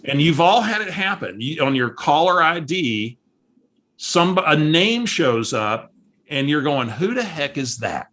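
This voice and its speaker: A slightly high-voiced man coaches real estate over a call, keeping a measured pace as he spins an energetic story and acts out the characters' voices.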